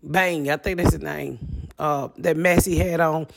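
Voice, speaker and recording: A woman's voice: sits low, fairly even intonation, unhurried, vocal fry, noisy background. A woman in her forties with a Midwestern US accent, hosting a podcast in a brash, profane, comic solo monologue. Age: 40s. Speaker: podcast host.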